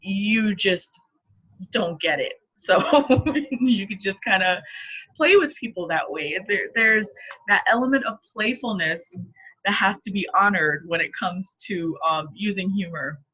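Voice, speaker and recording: A woman's voice: mid-range voice, lively intonation, unhurried, sharp tone, breathy edge. A woman in her thirties, a marketing coach, teaching casually and playfully while laughing often. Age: 30s. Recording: dull lo-fi recording.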